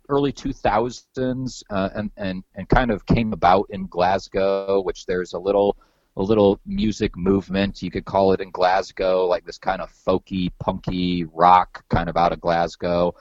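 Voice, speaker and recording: A man's voice: sits low, dry recording, dull audio. A man hosting a podcast in casual chat, rambling and loose with some swearing and many repeated words. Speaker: podcast host.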